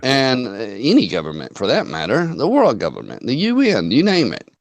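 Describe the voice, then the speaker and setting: Folksy male host, mid-pitched, close dry sound, loose storytelling chat. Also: wildly swooping pitch, moderate pace, no room sound. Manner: folksy storyteller, quotes people in dialogue. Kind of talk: casual online chat.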